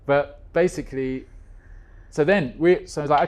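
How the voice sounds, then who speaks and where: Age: adult. Sex: man. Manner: animated storytelling. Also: normal speed. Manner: animated storyteller with swings in pitch and loudness. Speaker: guest, co-creator of a stage musical. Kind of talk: casual chat.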